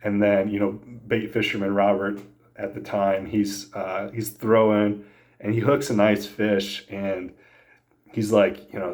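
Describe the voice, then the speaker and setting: Male podcast host, younger, lowish voice, loose rambling storyteller who laughs a lot. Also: flat delivery, a little slow, a little mellow. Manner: rambling, laughs often, many fillers. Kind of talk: casual storytelling.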